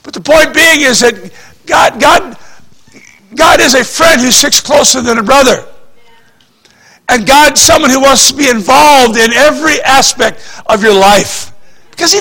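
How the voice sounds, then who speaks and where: A man's voice: very high-pitched, sharp tone, husky. A man preaching a sermon as pastor, talking to the congregation in a conversational way, full of rhetorical questions and restarts.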